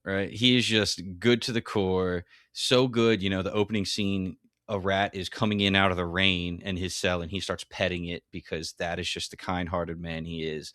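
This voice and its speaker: Man, podcast co-host, very deep voice, enthusiastic, casual recap. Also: a bit bright, dry recording, clean studio sound. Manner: enthusiastic, acts out quotes with rising pitch.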